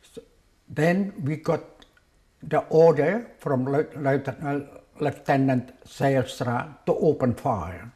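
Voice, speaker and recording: Slow-spoken elderly man in simple English. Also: medium pitch, warm tone. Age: older. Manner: non-native English phrasing, repeating words as he searches. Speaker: war veteran interviewee. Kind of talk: reminiscing in an interview.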